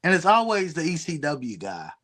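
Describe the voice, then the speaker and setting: Man, podcast host, laid-back, slangy, says bro a lot, a bit high-pitched. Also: wildly swooping pitch, moderate pace, sharp tone. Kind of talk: casual podcast chat.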